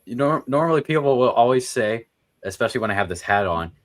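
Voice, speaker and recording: A young man on a robotics team's live stream, chatting casually and tossing out wry jokes and quick comebacks. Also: mid-range voice, animated. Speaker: robotics team member. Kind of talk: casual livestream chat.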